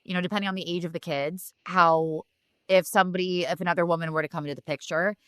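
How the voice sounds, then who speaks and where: Woman, podcast co-host, low pitch, dry close sound, encouraging, reflective. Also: steady tone, fast talker, a bit bright, dry recording. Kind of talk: casual chat.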